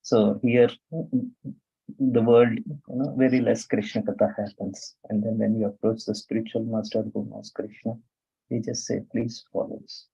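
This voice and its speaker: Flat, dark-voiced man on a muffled call. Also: lowish voice, creaky, husky. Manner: halting, with frequent fillers. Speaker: class participant. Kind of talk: devotional class sharing. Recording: dull muffled video-call audio.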